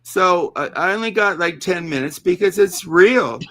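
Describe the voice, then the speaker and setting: A man's voice: high-pitched, expressive, normal speed, bright, forceful tone. A man hosting a livestream call-in, talking in a teasing, provocative way. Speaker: stream host. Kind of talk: casual livestream chat.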